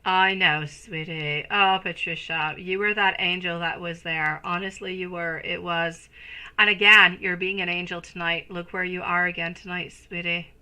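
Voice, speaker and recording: A woman's voice: on the low side, fairly even intonation, moderate pace, bright, forceful tone, poor audio. A woman reading tarot on a live stream, gushing over viewers and calling them sweetie and my love. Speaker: tarot reader.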